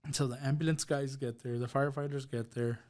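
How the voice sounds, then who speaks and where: A man talks quickly in a steady, slightly dark mid-range voice while guesting on a podcast. Emotionally telling of a personal loss, he acts out the dialogue of each person in the story.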